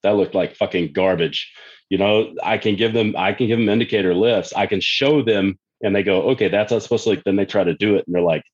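A man's voice: on the low side, brisk, highs cut off. A man talking as a guest coach on a podcast, blunt and emphatic, swearing freely. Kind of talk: casual podcast chat.

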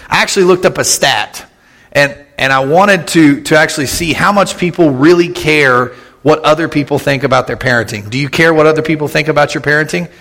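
A man, preaching a casual, humorous sermon as a pastor, chatty and quick with jokes and asides. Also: a little high, fairly bright tone. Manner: joking, conversational, with quick asides and laughs. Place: church sanctuary. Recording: long hall reverb in a church.

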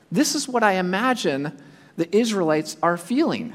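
A man preaching a sermon, speaking in an animated way and acting out the imagined voices of his listeners. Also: sits high, a little slow, in a large hall. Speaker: pastor.

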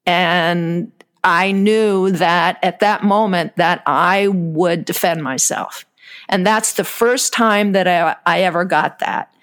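Slow-talking woman telling a story. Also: on the low side, a bit bright. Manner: unhurried storytelling, laughs often, trails off. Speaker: guest telling personal stories. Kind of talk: casual chat.

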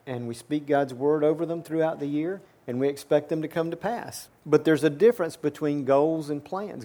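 A man preaching a sermon in an earnest, plain way. His voice sits a little high, with a mellow, soft-edged tone. He often repeats words as he builds toward each point. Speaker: pastor.

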